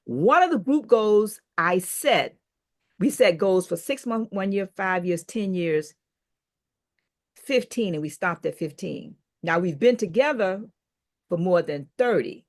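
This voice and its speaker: An older businesswoman tells a long story as a podcast guest. She brings it to life by acting out the people she quotes. Her voice sits at a middle pitch. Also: a little slow. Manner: animated storyteller who acts out quoted dialogue. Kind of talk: storytelling in an interview.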